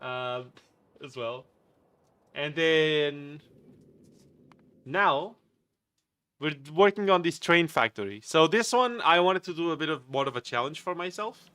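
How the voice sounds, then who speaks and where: A man's voice: fairly high pitch, expressive, measured pace, long pauses, sharp tone, smooth, no room sound. A man live streaming a game, chatting casually with viewers, greeting them by name and laughing often in a playful, rambling way. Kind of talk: casual live stream chat while gaming.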